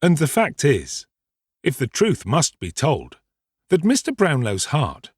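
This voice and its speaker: Husky, expressive male audiobook narrator. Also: a little high, measured pace, dry recording, studio quality. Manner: expressive, theatrical storytelling.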